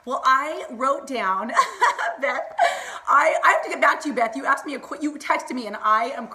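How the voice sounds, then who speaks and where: A bubbly woman in her thirties talks straight to her live-stream viewers in a casual, fired-up pep talk. Her voice is bright and a touch high, and she laughs easily as she goes. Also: normal speed. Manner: bubbly, excitable, laughs often, greets viewers by name. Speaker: motivational vlogger hosting a live stream.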